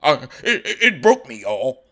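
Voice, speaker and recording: A man's voice: mid-range voice, very animated, unhurried, fairly bright tone, pitched below the performer's own voice. A man doing a whiny podcaster caricature. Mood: mocking whine.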